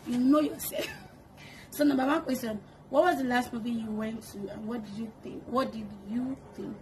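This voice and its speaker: A woman's voice: a little high, fairly even intonation, normal speed, a little mellow. A woman chatting to camera at home, answering get-to-know-me questions and laughing often. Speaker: vlogger. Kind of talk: casual get-to-know-me chat. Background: kids making noise.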